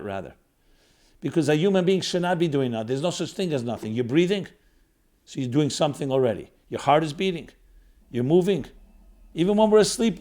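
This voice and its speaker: A male rabbi delivers a reflective spiritual lecture, his voice sitting a bit higher than most men's. He stacks short phrases one after another. His emphasis swells and then settles back down. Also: a little mellow. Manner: reflective, builds lists of short phrases, rises and falls in emphasis. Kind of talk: spiritual talk.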